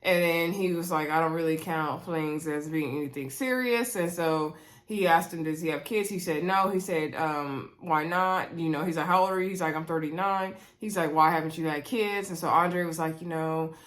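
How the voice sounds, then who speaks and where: A woman casually recapping a reality dating show, chatty and animated, quoting the cast and talking straight to her viewers. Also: deep voice, normal speed. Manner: chatty, animated, retelling scenes with quoted voices; addresses viewers directly. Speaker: reality TV reviewer.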